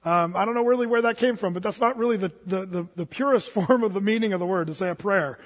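A man preaching a sermon as pastor, telling stories in a lively way, with many restarts and fillers. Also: sits high, fast talker, in a large hall, highs cut off.

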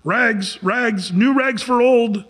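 A man doing a gentle, quiet ragman. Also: a little high, animated, fairly quick, slightly rough, exaggerated voice. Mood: calling. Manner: soft, gentle delivery. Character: gentle male ragman, calm and quietly authoritative.

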